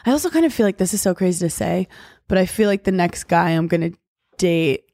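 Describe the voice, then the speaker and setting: A woman's voice: lowish voice, animated, a little fast, dark tone, dry recording, clean studio sound. A woman in her twenties, a podcast guest talking in a blunt, candid way and laughing often. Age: 20s. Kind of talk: casual chat.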